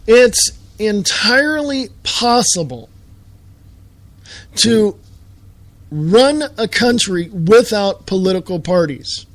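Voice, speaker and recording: A man's voice: sits high, animated, slow, pauses often, a bit bright, no room sound. A man hosting a live show, delivering a heated, sarcastic political rant full of rhetorical questions.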